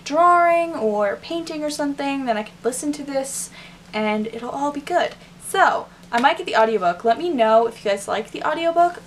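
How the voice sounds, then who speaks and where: A woman's voice: fairly high pitch, slight background noise. A young woman talking casually to camera about her reading list, rambling and chatty with lots of filler words. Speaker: book vlogger.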